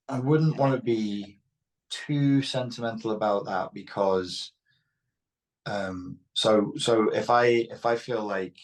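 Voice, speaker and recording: A man with a Liverpool Scouse accent, speaking frankly and reflectively as an interview guest. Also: on the low side. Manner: reflective, frank, occasionally swears. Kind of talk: candid interview talk.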